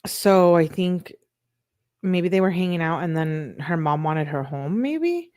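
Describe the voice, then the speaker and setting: A woman hosting a true crime channel casually reads text messages aloud in a flat way, breaking off now and then with puzzled asides. Her voice is lowish and a little slow.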